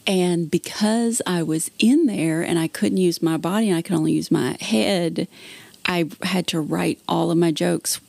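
A woman's voice: on the low side, unhurried, creaky, a little mellow, no room sound. A woman comedian telling stories in a casual interview, chatty and laughing often. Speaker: comedian guest.

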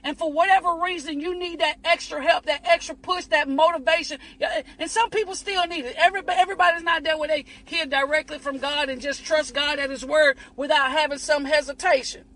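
A woman's voice: high-pitched, fairly even intonation, brisk, few pauses, fairly bright tone, low-quality recording. A woman giving a fervent preaching-style motivational talk, repeating herself and calling listeners honey and baby. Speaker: inspirational speaker.

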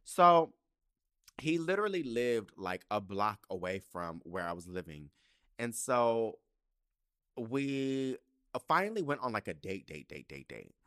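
A man's voice: lowish voice, very animated, measured pace, a bit bright, clear, resonant tone, dry recording, studio quality. A man hosting a podcast, telling stories in a campy, profane, casual way and acting out his own reactions. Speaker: podcast host. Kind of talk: casual comedic storytelling.

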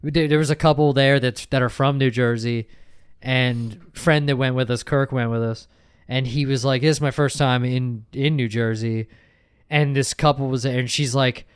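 This is a podcast co-host talking in loose, rambling chat. He laughs easily and restarts his sentences often. His voice is smooth and clear, and the sound is dry with no room echo. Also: medium pitch, fairly even intonation, normal speed. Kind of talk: casual chat.

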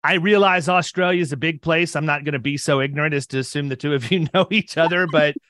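A man's voice: on the high side, quick pace, a bit bright, dry recording, studio quality. A man in his fifties hosting a podcast, talking in a loose, rambling way with many restarts. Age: 50s. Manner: talkative, rambling with frequent restarts. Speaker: podcast host. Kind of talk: casual interview chat.

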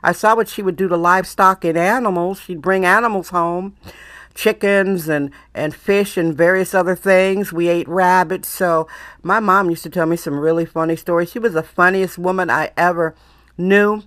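A woman's voice: fairly low pitch, steady tone, moderate pace, a bit bright, dry recording, clean studio sound. A woman from Wisconsin hosting a podcast in a casual, chatty monologue, often laughing and repeating herself. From Milwaukee, Wisconsin, US. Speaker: podcast host.

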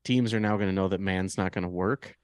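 A man's voice: sits low, brisk, a little mellow, no echo, studio quality. A man co-hosting a casual sports podcast, playful but prone to fretting, rambling a little as he talks. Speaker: podcast co-host.

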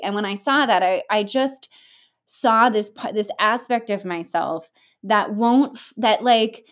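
A woman's voice: mid-range voice, a little slow. A woman speaking as a guest in a candid interview, telling a story earnestly and in a rambling way, full of restarts and filler words, and swearing casually. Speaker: podcast guest.

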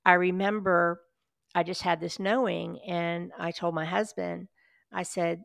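A woman guest, a paranormal investigator, chatting in a relaxed interview and telling personal stories with easy laughs. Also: lowish voice, unhurried, gravelly, no echo, clean studio sound. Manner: chatty, anecdotal storyteller who laughs along. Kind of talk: casual storytelling interview.

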